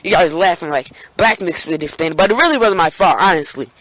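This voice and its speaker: A young man telling a casual storytime vlog story, rambling with lots of fillers and restarts, and jumping into squeaky voices when he acts out his scared friends. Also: fast talker, fairly bright tone, slight background noise, poor audio.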